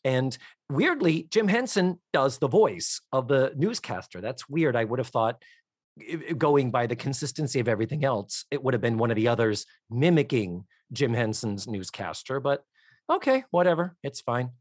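Animated, enthusiastic man chatting. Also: medium pitch, normal speed, slightly rough, no room sound, clean studio sound. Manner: enthusiastic and animated, swears casually. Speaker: podcast co-host. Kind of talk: casual chat.

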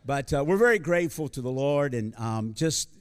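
A man's voice: mid-range voice, lively intonation, moderate pace, clean tone. Folksy American pastor in his sixties. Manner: folksy and joking, with many fillers and restarts. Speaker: visiting pastor. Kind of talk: live sermon. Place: church before a congregation.

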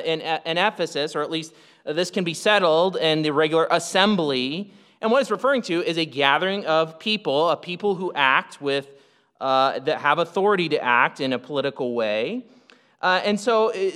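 Bright-voiced male pastor preaching in a hall. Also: fairly high pitch. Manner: emphatic, explanatory, with frequent restarts. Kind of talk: sermon.

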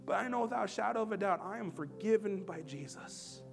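A man's voice: high voice, animated, brisk, vocal fry, over music. A male pastor preaching a sermon to his church, leaning on emphatic, repeated phrases. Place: church service.

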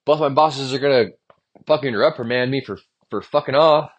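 A young male podcast host, recorded with dull audio, speaks at normal speed in a mid-range voice. Alone on the mic, he rambles in a stream-of-consciousness monologue, venting profanely and with frustration about his jobs.

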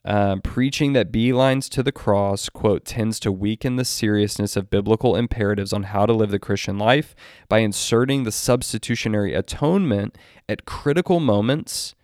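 A man's voice: lowish voice, darkish tone, dry recording, clean studio sound. A man giving a spoken commentary on a theology article. He reads long quotes and often restarts his sentences as he reasons aloud. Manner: deliberate, quotes text at length with restarts. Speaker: Christian commentator.

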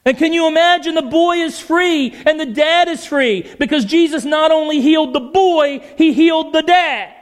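A male preacher with a very high voice for a man, delivering a passionate sermon. He presses his points with emphatic phrasing and keeps asking his listeners questions. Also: moderate pace, hardly any pauses.

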